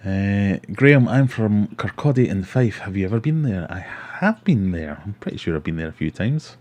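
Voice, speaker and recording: Here a middle-aged Scotsman runs a laid-back livestream, reading out comments from viewers and rambling along. His lowish voice is expressive and a touch mellow, delivered at a moderate pace.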